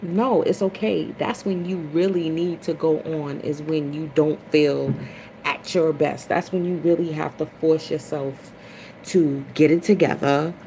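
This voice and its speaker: A woman hosting a casual spiritual livestream chat, chatty and expressive, greeting viewers by name. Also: unhurried, a little hiss or hum, rough recording. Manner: dramatic swings into high, loud retellings. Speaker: livestream host.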